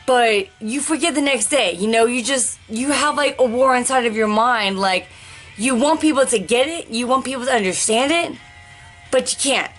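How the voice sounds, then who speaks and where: A woman's voice: on the high side, fairly bright tone, faint music behind. Candid woman groping for words. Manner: rambling, searching for words, with restarts and sighs; slow, deliberate pacing. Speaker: vlogger sharing life after a stroke. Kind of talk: candid personal vlog.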